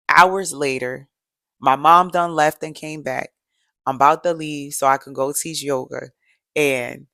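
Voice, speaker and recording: A middle-aged woman, a motivational coach and yoga teacher, telling a story to viewers in an animated, chatty way and often calling them "y'all". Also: deep voice, no room sound, studio quality. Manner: animated, talks straight to viewers with repeated "y'all". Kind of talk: casual motivational storytelling to camera.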